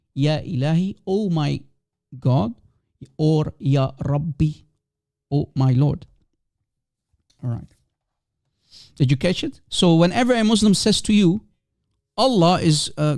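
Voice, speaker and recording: A man whose first language is Aramaic hosts a live call-in stream, speaking emphatically and repeatedly throwing rhetorical questions at his audience. His voice is on the high side with a darkish tone, recorded in clean studio sound with no echo.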